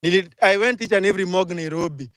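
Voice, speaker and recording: A young Kenyan man ranting angrily in a live audio chat, switching fast between languages. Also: high-pitched, a bit bright, dry recording. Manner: angry, rapid code-switching rant. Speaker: speaker in a live audio room.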